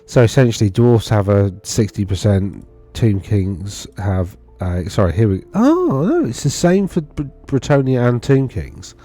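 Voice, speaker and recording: Low-voiced man musing aloud. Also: big pitch swings, a little slow, hardly any pauses, dark tone. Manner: rambling, thinking aloud, self-correcting. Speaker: wargaming video host. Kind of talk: casual screen-share commentary.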